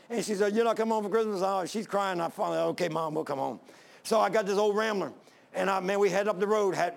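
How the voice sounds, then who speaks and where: A man's voice: high-pitched, creaky. A man preaching a sermon and telling a personal story, fervent and rising to emphatic pleas.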